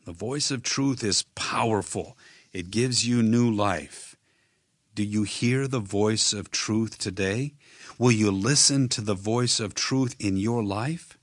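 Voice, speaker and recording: A man preaching a sermon, earnest and measured, speaking straight to the listener and slowing on emphatic phrases. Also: lowish voice, no room sound, studio quality. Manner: direct address to listener.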